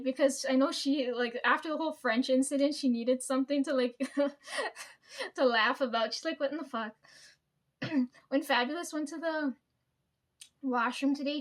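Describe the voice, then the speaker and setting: A woman's voice: high-pitched, a bit bright. A woman telling workplace stories in a casual storytime chat, laughing often and swearing freely.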